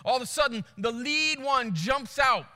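Animated high-voiced male preacher in a hall. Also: moderate pace. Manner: animated storyteller acting out voices and sounds. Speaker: pastor. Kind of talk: sermon storytelling.

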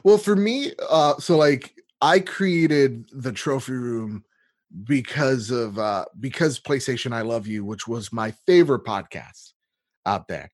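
A man talking casually as a guest on a gaming podcast, animated and swearing freely, laughing easily. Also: medium pitch, measured pace, dry recording, clean studio sound.

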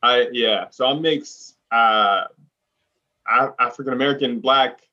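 Man guesting on a podcast, bright tense voice, hesitant, muffled lo-fi audio. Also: medium pitch, a little slow. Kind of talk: casual podcast conversation.

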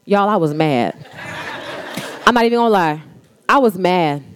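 A woman's voice: on the low side, expressive, moderate pace, clean tone. A woman preaching a sermon, telling a personal story in a conversational way and calling the congregation y'all. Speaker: pastor's wife preaching.

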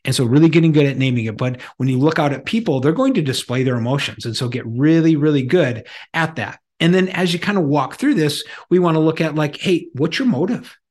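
A man's voice: on the high side, fast talker, hardly any pauses, a little mellow. Middle-aged man, podcast co-host, casual talk, storytelling, restarts sentences. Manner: storytelling with anecdotes, frequent restarts.

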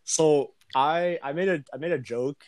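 A man's voice: fairly high pitch, unhurried, a little mellow, no room sound. A young man hosting a casual podcast chat, slangy and rambling, laughing often over an online call. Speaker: podcast host.

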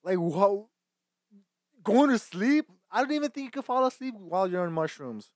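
A man's voice: high voice, lively intonation, quick pace, dry recording, clean studio sound. A young man hosting a casual movie chat, swearing often, rambling, and laughing between lines. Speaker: host.

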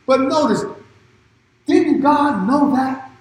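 A man preaching a sermon as pastor, shouting in rising bursts and dropping low and quiet in between. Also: lively intonation, measured pace, heavy reverb, rough recording.

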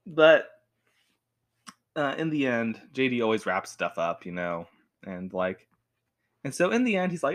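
A young man reviewing a show at home in a rambling, animated way, with frequent restarts. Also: mid-range voice, moderate pace. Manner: rambling, animated, with many restarts and acted quotes. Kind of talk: casual talk to camera. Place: home with a cat.

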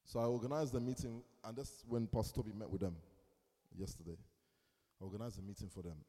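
Young guy pastor preaching, dark mellow voice, drops quiet then gets loud, big echoey hall. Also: lowish voice, steady tone, quick pace. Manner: storytelling with acted quotes, swinging between hushed asides and loud bursts. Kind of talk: sermon. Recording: long reverb in a hall.

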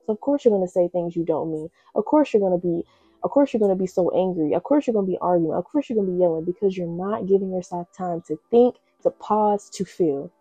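A woman's voice: lowish voice, fast, mellow, breathy edge, no echo, highs cut off. Earnest woman hosting a faith podcast. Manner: earnest, conversational, repeats phrases for emphasis. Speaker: podcast host. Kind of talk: faith-based solo podcast talk.

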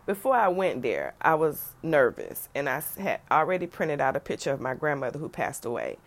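Low-voiced woman telling a personal story. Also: brisk, vocal fry. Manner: animated, acts out other people's voices.

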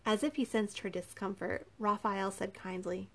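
A woman narrating a novel in a steady, measured way. Her voice sits at an ordinary middle pitch and keeps an unhurried storytelling pace. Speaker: audiobook narrator. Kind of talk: scripted narration.

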